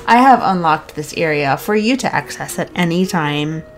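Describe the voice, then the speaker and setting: Brief: gentle game mentor handing out quests, calm and plainly read, a woman reading aloud. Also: low-pitched, normal speed, faint music behind, voice pushed down. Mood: instructive.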